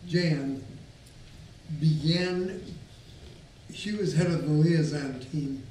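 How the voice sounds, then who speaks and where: A man in his sixties speaking slowly and deliberately at a panel. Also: a little high, warm tone, a little hiss or hum. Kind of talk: panel remarks. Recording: very echoey room, distant mic.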